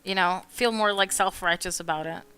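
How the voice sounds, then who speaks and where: This artist chats casually while streaming her drawing, her voice on the low side, clear and resonant, at a moderate pace. Soft music plays in the background as she curses freely and laughs through rants of pretend outrage.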